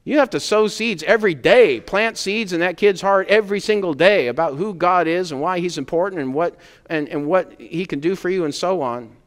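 A man preaching a sermon as pastor to his congregation, earnestly building emphatic points and then dropping to a quiet tone. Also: high voice, moderate pace. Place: church sanctuary. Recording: long hall reverb.

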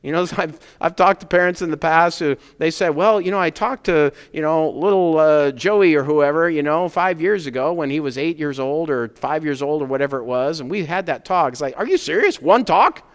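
A man preaching a sermon as pastor to his congregation, earnestly building emphatic points and then dropping to a quiet tone. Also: on the high side, normal speed, hardly any pauses, smooth. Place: church sanctuary. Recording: long hall reverb.

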